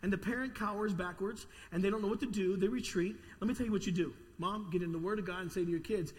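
A man preaching a sermon to his congregation, telling a story in an animated way, sometimes stammering and repeating words. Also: sits high, fast talker, few pauses. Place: large church hall with an audience. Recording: long reverb of a church hall.

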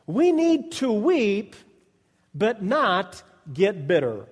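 High-voiced preaching man in a reverberant hall. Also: huge pitch swings, very slow. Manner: emphatic preaching with repetition and audience prompts. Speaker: pastor. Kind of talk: sermon. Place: church sanctuary. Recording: long reverb of a large hall.

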